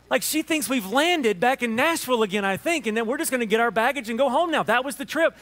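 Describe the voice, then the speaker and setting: Man, Alabama drawl, pastor, sermon, storytelling, high-pitched, thirties. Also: lively intonation, brisk, fairly bright tone. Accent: Southern US, Alabama. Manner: storytelling with restarts and chuckles.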